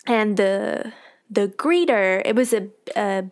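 A woman hosting a podcast, telling her own story in a loose, rambling way and laughing often. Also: mid-range voice. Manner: rambling, laughing, quick affirmations. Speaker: podcast host. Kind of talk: casual chat.

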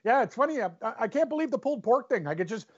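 A man's voice: very high-pitched, very animated, racing, slightly rough. A man co-hosting a casual sports podcast, chatty and agreeable, often chiming in with "yeah". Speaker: podcast co-host. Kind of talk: casual chat. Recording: dull lo-fi audio.

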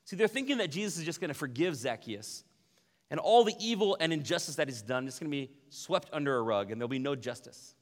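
Animated male pastor in a reverberant hall. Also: fairly high pitch, fast talker. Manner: animated, acts out quoted voices. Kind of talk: sermon.

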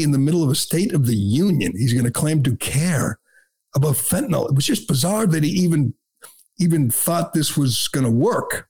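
A man's voice: mid-range voice, vocal fry, darkish tone, breathy edge. A male talk radio host delivering an indignant, rambling opinion monologue full of restarts.

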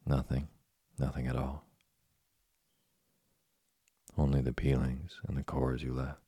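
A man voicing a patient, kind old woodcarver father in a storybook reading, calm and gently lecturing. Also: very deep voice, moderate pace, husky, no echo, clean studio sound. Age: older.

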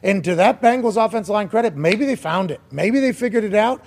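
Man, high voice, sports show host, profane, excitable banter. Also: fairly quick. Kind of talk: casual sports talk show.

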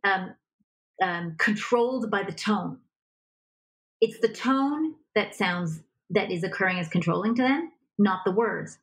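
A woman relationship coach talking in a conversation, animated and acting out little example dialogues. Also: medium pitch, low-quality recording.

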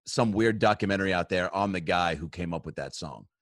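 A man's voice: sits low, a little fast, no echo, studio quality. A man from Seattle co-hosting a comedy podcast, telling stories with lots of laughs. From Seattle, Washington. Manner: laughs often, animated storytelling. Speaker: podcast co-host. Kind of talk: casual comedy podcast banter.

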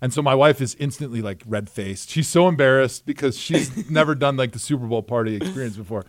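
A man in his thirties, a podcast co-host and former football player, telling stories in a relaxed, lively way and acting out the other people's voices. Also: medium pitch, fairly quick, no room sound, clean studio sound. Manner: animated storyteller, acts out the voices of others. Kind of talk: casual storytelling chat.

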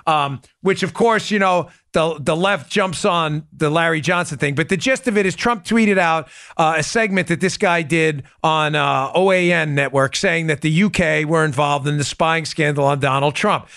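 A man with a notably high voice hosts a political commentary show. He talks emphatically, hammering his points by repeating them, and keeps breaking off into quick asides and restarts. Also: vocal fry, a bit bright. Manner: asides and self-interruptions. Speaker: podcast host.

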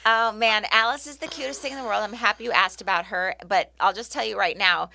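A woman's voice: medium pitch, brisk, vocal fry, pushed and bright, a little hiss or hum. A woman co-hosting a podcast, chatty and teasing in casual talk. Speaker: podcast co-host. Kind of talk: casual chat.

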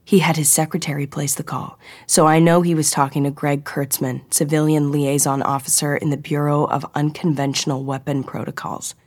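A woman's voice: low-pitched, flat delivery, a little mellow, no echo. A woman voicing a brash, eager young female field agent with a wisecracking manner. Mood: conspiratorial. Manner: quick, wisecracking, conspiratorial.

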